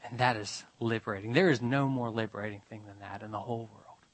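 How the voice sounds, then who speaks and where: A man's voice: fairly low pitch, fairly even intonation, quick pace. A man preaching a sermon, emphatic and repetitive, pressing his listeners with rhetorical questions.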